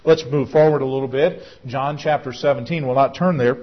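A man's voice: mid-range voice, fairly even intonation, brisk. A male pastor preaching a sermon in an earnest, explanatory way, sometimes restarting his words. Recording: dull lo-fi recording.

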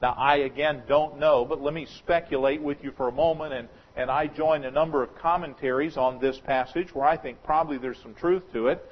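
A man preaching a sermon as pastor, talking through a scripture passage in a conversational, speculative way and slowing down to stress quoted verses. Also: fairly high pitch, dull audio. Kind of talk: expository sermon.

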